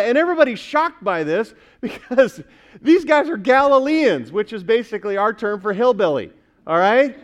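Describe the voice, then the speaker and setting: A man's voice: very high-pitched, big pitch swings, normal speed, a bit bright. A male pastor preaching a sermon in a conversational way, asking the congregation questions as he goes.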